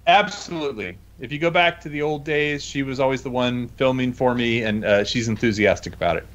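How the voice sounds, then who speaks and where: A man co-hosting a live stream from home, talking eagerly and pitching an upcoming event. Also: brisk, a bit bright, muffled recording. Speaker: co-host and event organizer. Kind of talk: casual live-stream chat. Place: at home, family nearby.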